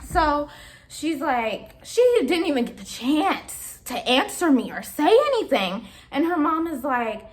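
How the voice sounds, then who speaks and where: A young woman vlogger with a high voice tells a story in easy, casual chat. Her pitch swings widely as she gets exasperated and laughs her way through the retelling. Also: sing-song, measured pace.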